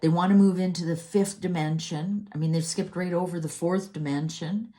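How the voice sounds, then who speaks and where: A woman's voice: fairly low pitch, steady tone, normal speed, warm tone. A middle-aged woman doing a tarot reading, ranting in a heated, exasperated way with many restarts. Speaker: tarot reader.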